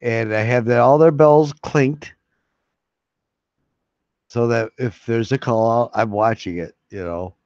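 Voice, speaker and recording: A man's voice: medium pitch, slow, long pauses, a little mellow, dry recording. Streamer host, male, loose rambling chatter with laughs, slightly muffled dry recording. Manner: rambling, laughing and swearing freely. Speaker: streamer hosting a live hangout. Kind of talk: casual live-stream chat. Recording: dry, slightly dull lo-fi sound.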